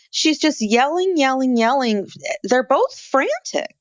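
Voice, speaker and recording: Woman podcast co-host, animated recap chat, lively pitch, dry close sound. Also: a little slow, dry recording, highs cut off. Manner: animated, exclaims about frantic scenes. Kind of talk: casual reality TV recap chat.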